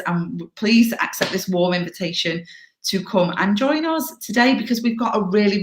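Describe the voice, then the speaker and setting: A woman giving an upbeat, chatty workshop presentation on assertiveness. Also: fairly low pitch. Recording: echoey room.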